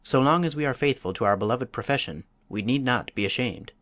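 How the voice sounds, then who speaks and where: A man voicing a solemn, earnest bandit in a storybook reading, speaking slowly and gravely. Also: medium pitch, a bit bright, no room sound, natural voice. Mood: resigned.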